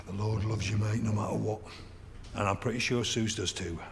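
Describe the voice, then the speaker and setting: A gravelly, jokey rig worker. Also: male voice, fairly low pitch, steady tone, normal speed, a little hiss or hum. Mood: consoling. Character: cheery older male rig worker, fatherly joker. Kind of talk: video game voice acting.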